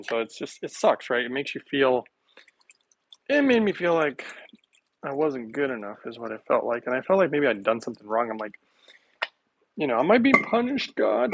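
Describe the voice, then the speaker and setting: A man vlogging while making a smoothie, talking in a playful, rambling way to his viewers and laughing often. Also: medium pitch, poor audio. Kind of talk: casual rambling monologue to camera.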